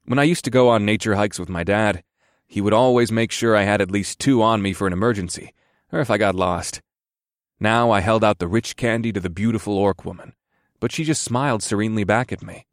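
A man reads a first-person fantasy story with measured, wry delivery. His voice sits low, and the recording is close and dry, with no room around it. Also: no room sound. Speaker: audiobook narrator.

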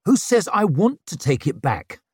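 A man acting out a bitter, resentful man in an audiobook, his voice raised and hard as he snarls accusations. The delivery is slow and biting, recorded close and dry. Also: lowish voice, wildly swooping pitch, vocal fry, warm tone, breathy edge, no echo, full character voice. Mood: snarling bitter. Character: bitter, angry wounded former friend, man.

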